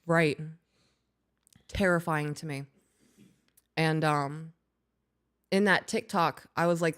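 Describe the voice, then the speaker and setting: A woman co-hosting a podcast, chatting casually and bluntly. She swears freely and laughs her way through stories. Her voice sits a bit low for a woman. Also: slow, pauses often, fairly bright tone, clear, resonant tone. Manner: blunt, profane, laughing while storytelling. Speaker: podcast co-host.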